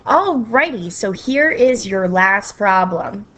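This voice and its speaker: A woman's voice: medium pitch, expressive, takes it slowly, a bit bright. A woman teacher explaining a math lesson to her students in a patient, step-by-step way, checking in with frequent okays and sometimes slipping into a playful sing-song.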